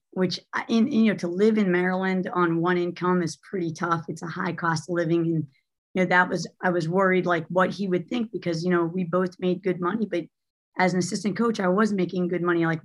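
Chatty woman, slightly low voice. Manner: candid, chatty, many fillers. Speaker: guest, former basketball coach. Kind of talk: conversational storytelling interview.

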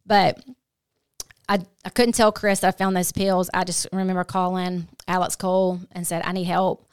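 A middle-aged woman telling a hard family story as a podcast guest, earnest and halting, often restarting her sentences. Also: fairly low pitch, level tone, smooth, dry recording, studio quality. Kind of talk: candid personal storytelling.

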